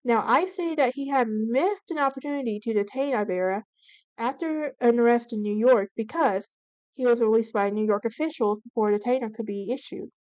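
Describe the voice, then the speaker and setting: A woman with a fairly high voice narrates a true crime case as the channel's host. She reads from notes, stumbling and correcting herself often. The sound is dull and lo-fi, recorded dry with no room echo. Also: fairly quick. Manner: reads from notes with frequent restarts and self-corrections.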